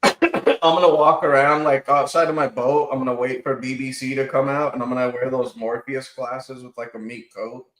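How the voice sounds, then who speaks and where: A man's voice: medium pitch, fairly even intonation, moderate pace, a bit bright. Joking man in a roomy space. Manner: joking, laid-back, lots of fillers. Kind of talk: casual chat.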